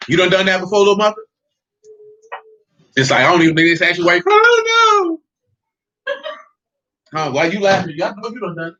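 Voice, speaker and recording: A man's voice: sits high, fast, long pauses, bright, forceful tone, lo-fi sound. A man preaching in a loose, conversational way, joking and talking straight to his congregation. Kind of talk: conversational sermon.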